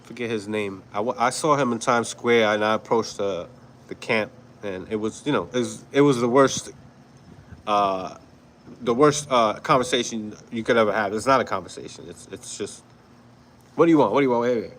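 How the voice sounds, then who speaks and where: A man's voice: lowish voice, normal speed, fairly bright tone, a little hiss or hum, rough recording. A man from New York hosting a livestream, chatting casually with viewers, swearing, laughing and rambling. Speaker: livestream host. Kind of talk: casual commentary with chat.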